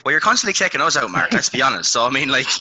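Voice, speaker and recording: Bright-toned Irish podcast host. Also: male voice, mid-range voice, sing-song, rapid-fire, no room sound, rough recording. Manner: teasing, banter-driven. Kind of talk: casual chat.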